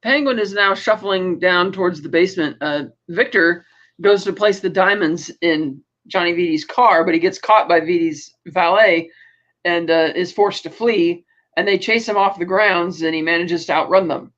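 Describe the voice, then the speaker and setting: A man's voice: high voice, moderate pace, a bit bright, lo-fi sound. A man co-hosting a podcast, recapping a TV episode in a rambling way with many fillers. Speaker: podcast co-host.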